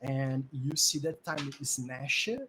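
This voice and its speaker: Man, game master, lively narrator, mid pitch, faint background noise. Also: unhurried, low-quality recording. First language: Portuguese. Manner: lively storytelling with many "like" fillers. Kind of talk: narrating a tabletop game in English.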